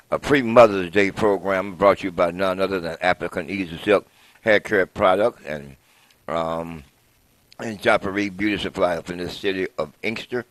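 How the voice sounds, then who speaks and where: A man's voice: low-pitched, fairly bright tone, dry recording. A man hosting a live local TV program in a folksy, rambling way, correcting himself as he goes. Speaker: TV host.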